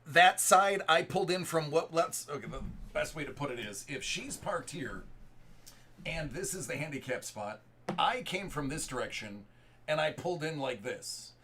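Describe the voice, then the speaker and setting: A man in his thirties with a bright, forceful voice, telling a personal story to a live chat. He rambles and restarts his sentences often. His pitch sits a little high for a man. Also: animated, measured pace. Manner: rambling, restarts and repeated words. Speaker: live stream host.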